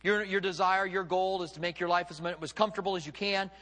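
Bright-voiced preacher in an echoing hall. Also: male voice, fairly even intonation, fast. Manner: dramatic preaching, acting out quotes with big pitch swings. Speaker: pastor. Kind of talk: sermon. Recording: long hall reverb.

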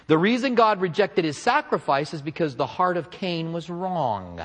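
Man, preacher, high lively voice, sermon, long hall reverb. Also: moderate pace, few pauses. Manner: animated, acts out quoted speakers. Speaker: pastor.

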